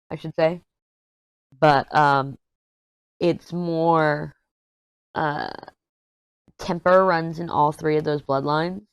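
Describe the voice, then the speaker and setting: With a smooth voice that sits low and no room sound, a middle-aged diamond painting vlogger crafts while sharing candid, aside-filled stories in a casual, blunt way through a headset mic.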